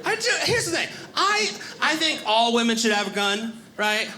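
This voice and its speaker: A man doing a stand-up comedy set on stage, animated and acting out other people in quick voices. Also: extremely high pitch, crowd noise. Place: stage before a live audience. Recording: live club recording with audience noise. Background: audience laughter.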